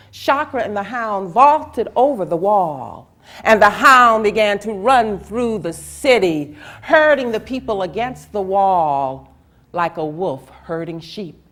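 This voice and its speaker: A woman storyteller telling a folk tale in a slow, dramatic way, with long pauses and rhythmic repetition. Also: medium pitch, a bit bright. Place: public library event.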